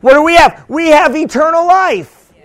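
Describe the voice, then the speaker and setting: A man preaching a sermon as pastor, with sudden shouts and many repeated words. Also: very high voice, normal speed.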